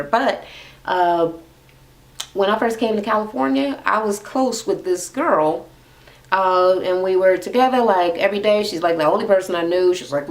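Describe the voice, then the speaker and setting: A young woman ranting casually and sassily as she recaps a reality TV episode, with plenty of swearing. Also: on the low side. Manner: sassy, profane, animated. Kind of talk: casual rant.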